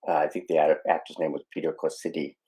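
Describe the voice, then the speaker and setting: Deep-voiced man analyzing a film. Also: flat delivery, fast talker, warm tone, low-quality recording. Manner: casual, with fillers and explanatory asides. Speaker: podcast host.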